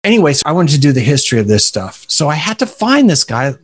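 Animated male podcast host. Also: a little high, fast talker, breathy edge. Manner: animated, storytelling, swears casually. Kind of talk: casual chat.

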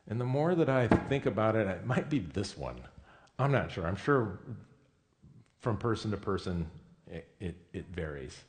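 Man, pastor, sermon, low voice, conversational, emphatic. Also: very animated, moderate pace. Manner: conversational, self-correcting, emphatic.

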